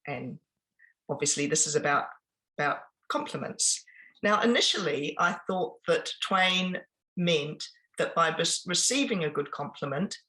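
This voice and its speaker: A woman giving an informal business presentation, chatty and pausing often with ums and restarts. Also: low-pitched, sharp tone, poor audio. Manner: conversational, with frequent ums and restarts.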